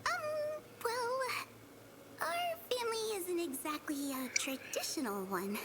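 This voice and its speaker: An actress voicing an anxious, caring teenage schoolgirl who pleads softly in a video game. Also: very high voice, lively intonation, takes it slowly, background noise, full character voice. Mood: puzzled. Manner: soft, pleading, worried.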